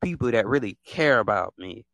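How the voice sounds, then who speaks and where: Animated rambling man talking to listeners. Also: lowish voice, moderate pace, gravelly, no room sound. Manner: rambling and animated, heavy on fillers and repetition. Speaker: podcast host. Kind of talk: casual monologue to listeners.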